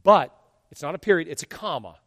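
Man in his fifties, pastor, animated sermon, slightly high voice, long hall reverb. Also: a little fast, clean studio sound. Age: 50s. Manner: animated preaching with acted-out quotes.

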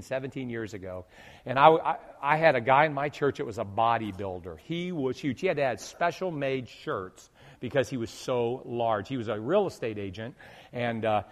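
A middle-aged male pastor telling a humorous story in a sermon, jumping from loud exclamations to quiet asides. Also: medium pitch, big-room sound.

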